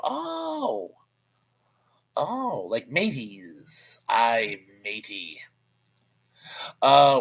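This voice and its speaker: A man's voice: medium pitch, rough recording. A man in his fifties hosting a live stream in a casual, chatty way, reading viewer comments aloud and laughing often. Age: 50s.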